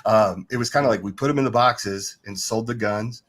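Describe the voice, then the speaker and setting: A man's voice: fairly low pitch, a little fast, fairly bright tone. Chatty middle-aged man telling a story. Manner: chatty anecdotal, quotes people in dialogue, laughs often. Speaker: podcast guest. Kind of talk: casual interview storytelling.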